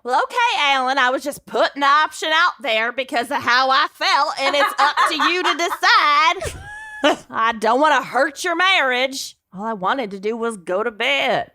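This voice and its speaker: A woman's voice: high voice, animated, normal speed, sharp tone, pitched above the performer's own voice. Woman doing a coy Texan church lady. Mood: giggly. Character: flirtatious Texan church lady, middle-aged. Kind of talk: comic cold read of a script.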